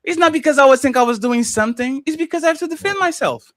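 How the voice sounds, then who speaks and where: A man in casual opinion talk on a streamed panel, animated and emphatic, often slipping into mocking impressions. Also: extremely high pitch, racing. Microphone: streaming microphone.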